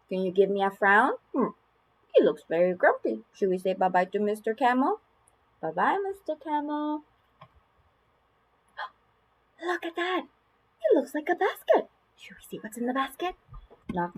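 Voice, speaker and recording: A woman demonstrates reading a picture book aloud to a toddler, using an expressive sing-song delivery with gasps, and then offers parents tips. Her voice is high-pitched and the recording is rough.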